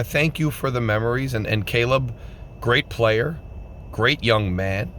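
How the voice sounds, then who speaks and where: A man giving an emphatic, repetitive postgame rant as a fan vlogger, swinging between loud outbursts and subdued sadness. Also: medium pitch, measured pace, long pauses, slight background noise.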